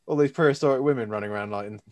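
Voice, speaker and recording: A man's voice: medium pitch, very fast, darkish tone. A man co-hosting a podcast, trading dry, joking banter in casual chat. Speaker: podcast co-host.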